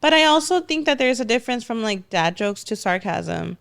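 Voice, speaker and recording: A woman's voice: on the high side, big pitch swings, fairly quick, gravelly, a bit bright. A woman guesting on a casual podcast, playful and teasing as she talks. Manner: playful, teasing, laughs between lines.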